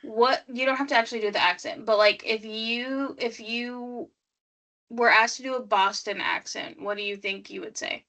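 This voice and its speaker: A woman hosts a casual true-crime podcast, her voice bright and a touch high. She steers the conversation and quizzes her co-host as she sets up the story. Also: fairly even intonation, normal speed.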